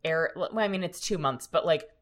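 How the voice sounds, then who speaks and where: A woman's voice: low voice, moderate pace. A young woman co-hosting a casual chat with wry, teasing replies.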